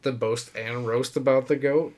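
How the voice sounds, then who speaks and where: A man's voice: medium pitch, steady tone, moderate pace, a little mellow. A young man co-hosting a casual sports podcast, teasing his partner and laughing often. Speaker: podcast co-host.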